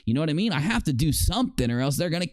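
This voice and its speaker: A man's voice: on the high side, sing-song, rapid-fire, dry recording, clean studio sound. A man doing a smug, scheming streamer. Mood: mocking. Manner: mocking, sarcastic.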